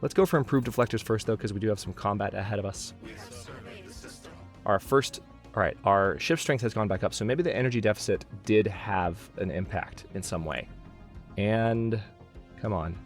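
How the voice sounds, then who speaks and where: A man's voice: lowish voice, normal speed, soft background music. Exasperated man narrating a strategy game. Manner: exasperated, talking to himself. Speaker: let's play host. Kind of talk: gameplay commentary.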